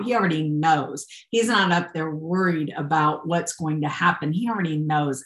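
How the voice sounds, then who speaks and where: Low-voiced woman in an echoey room. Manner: earnest, rambling with restarts, emotional. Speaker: podcast guest. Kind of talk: casual faith conversation.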